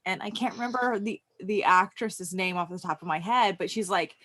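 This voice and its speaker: A woman's voice: medium pitch, moderate pace, fairly bright tone. A woman from the US Northeast with a Philadelphia-area accent, chatting in a self-deprecating, giggly way. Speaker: tabletop player. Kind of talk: casual chat.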